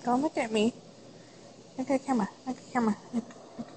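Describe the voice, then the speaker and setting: A woman's voice: a little high, steady tone, fast, background noise. A woman filming her cat on a phone at home, coaxing it in sing-song baby talk. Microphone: phone camera held close.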